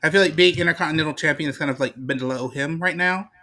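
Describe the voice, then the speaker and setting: A man's voice: a little high, quick pace, bright, forceful tone. A man co-hosting a podcast in casual chat, giving blunt, opinionated takes. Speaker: podcast co-host.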